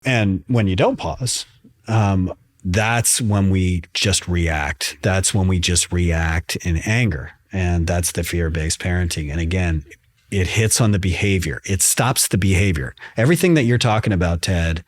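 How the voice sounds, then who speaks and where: Man, podcast guest, very deep voice, earnest, step-by-step explaining. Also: measured pace. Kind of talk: casual podcast chat.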